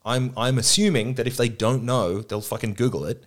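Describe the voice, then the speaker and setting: Seated at a table with two other people, a film producer talks casually on a podcast, telling stories, acting out the dialogue, and swearing freely. He speaks at a medium pitch and a moderate pace.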